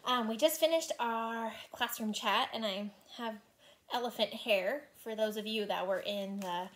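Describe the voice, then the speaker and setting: A woman teacher reading a children's chapter book aloud to her class with expressive storytelling. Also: fairly high pitch, measured pace.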